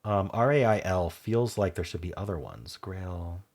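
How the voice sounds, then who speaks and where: A man with a deep, slightly husky voice hosts a word-puzzle video, reasoning aloud as he works through guesses. He spells out letter combinations and lets his sentences fade off softly, with keys clicking in the background. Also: animated, moderate pace. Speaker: Wordle video host. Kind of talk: thinking aloud while solving a word puzzle.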